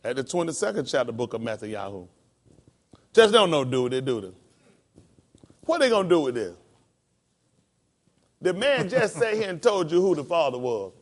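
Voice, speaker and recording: A male pastor preaching a sermon. He calls out to the congregation and climbs into high, emphatic, drawn-out lines. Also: very animated. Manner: calls to the congregation with "come on" and "y'all".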